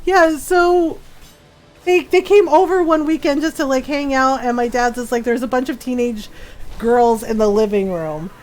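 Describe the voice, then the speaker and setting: High-voiced woman telling stories while gaming. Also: normal speed, poor audio. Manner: animated, laughs often, acts out quoted people. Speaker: streamer. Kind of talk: casual storytelling while gaming.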